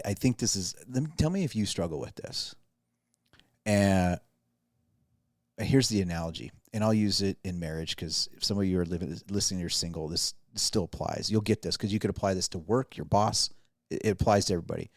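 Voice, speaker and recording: A man's voice: deep voice, a little fast, no echo, studio quality. A man, a pastor and podcast host, telling a self-deprecating story in casual chat with lots of restarts.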